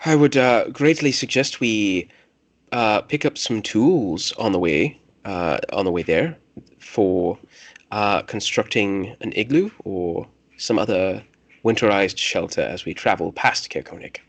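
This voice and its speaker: A bookish, well-read traveling companion, as a man puts him on in a tabletop game. His voice sits fairly low, and his wording is formal and precise. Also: unhurried. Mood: earnest.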